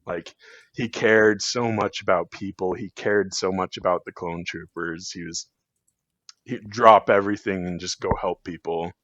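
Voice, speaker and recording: A man's voice: sits low, fairly even intonation, unhurried, a bit bright, no echo. A man talking as a podcast guest in a rambling, casual way, full of fillers and restarts. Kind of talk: casual chat. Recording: dull lo-fi sound.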